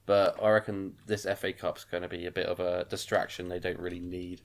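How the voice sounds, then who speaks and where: A relaxed man with a fairly low voice, talking loosely as a podcast co-host. His tone is easy-going and he laughs along with the others. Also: brisk. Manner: laid-back, laughs along, uses "reckon". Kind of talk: casual chat.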